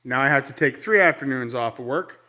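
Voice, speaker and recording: A man's voice: mid-range voice, brisk, bright, forceful tone. A man from Ontario, telling a rambling, exasperated story in a casual outdoor vlog on his rural homestead. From Ontario, Canada. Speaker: vlogger.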